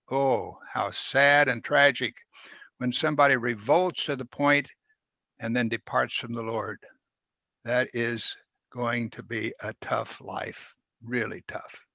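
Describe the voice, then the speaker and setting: Male pastor, expressive sermon delivery, slightly high voice. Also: dry recording. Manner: expressive, rises and drops in volume for emphasis. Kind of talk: verse-by-verse sermon.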